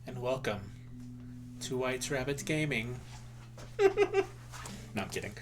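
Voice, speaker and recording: A man's voice: mid-range voice, slow, over music. A man hosting and running a tabletop game stream, talking loosely and joking, tripping over his words now and then. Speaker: dungeon master. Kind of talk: casual stream banter.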